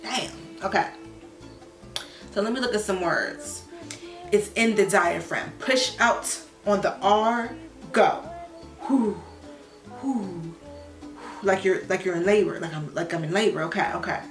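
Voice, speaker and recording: A young adult woman vlogger talking casually to her viewers, slangy and animated, practicing Spanish words. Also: mid-range voice, moderate pace, echoey room, soft background music. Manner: animated, slangy, talks to viewers, bursts of excitement.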